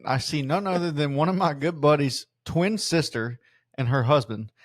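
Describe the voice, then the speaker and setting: A man's voice: on the high side, moderate pace, dry recording, studio quality. A young man from South Louisiana with a local accent, telling loose, profane stories in casual podcast chat. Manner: loose, profane storytelling with many restarts. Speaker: podcast co-host.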